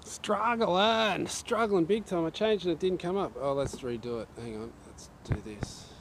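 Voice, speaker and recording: A man's voice: medium pitch, lively intonation, moderate pace, a little mellow, slight background noise. An Australian man chatting casually on a livestream, rambling and talking to himself and his viewers. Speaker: archery livestreamer.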